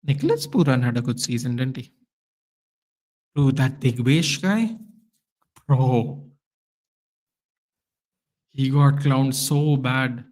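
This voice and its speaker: A man hosting a live football watchalong stream, chatting casually and reacting loudly to the play with lots of slang. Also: mid-range voice, slow, long pauses.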